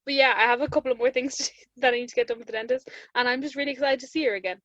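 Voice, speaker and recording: A woman's voice: high voice, fairly even intonation, racing, a bit bright, dry recording. A young Irish woman co-hosting a podcast, chatting casually and telling stories with lots of laughs. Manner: chatty storyteller, laughs often, acts out quotes. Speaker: podcast co-host. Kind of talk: casual chat. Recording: muffled podcast audio.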